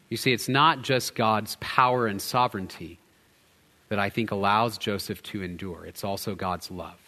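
A man in his thirties preaching a sermon as pastor, earnest, swinging from loud emphasis to hushed, near-whispered lines. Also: lowish voice, in a large hall. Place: church sanctuary.

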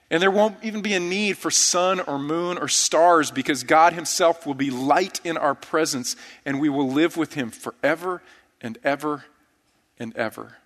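Man, pastor, earnest sermon, fairly high voice, long church reverb. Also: moderate pace, a bit bright. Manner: earnest, reverent preaching with scripture quotes.

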